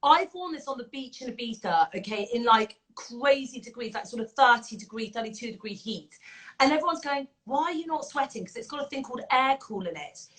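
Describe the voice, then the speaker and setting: A woman with a bright, tense voice and fairly high pitch. She gushes and chats with lots of fillers while walking through a makeup routine, her sound carried over a video call. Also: lively intonation, brisk, poor audio. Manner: effusive, gushing, chatty with many fillers. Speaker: makeup artist and beauty brand founder. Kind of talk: casual chat with makeup demonstration.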